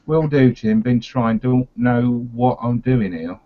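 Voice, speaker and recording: A man's voice: medium pitch, slow, a little hiss or hum. Easygoing man on a dull video call. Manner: matter-of-fact, helps others with the call setup. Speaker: panelist on a home-brewing online hangout. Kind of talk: casual chat on a group video call.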